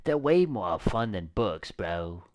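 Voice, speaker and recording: A man's voice: on the low side, very animated, takes it slowly, darkish tone, dry recording. A man plays a laid-back young surfer dude with a loose stoner drawl. He stretches his words out in slang like he hasn't a care in the world. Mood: mellow. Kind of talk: reading game dialogue aloud.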